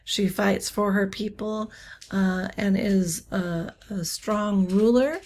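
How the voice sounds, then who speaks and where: A woman teaching literature in an unscripted lecture, halting often with ums and uhs and slipping in wry, offhand asides. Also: mid-range voice, steady tone, darkish tone, a little hiss or hum.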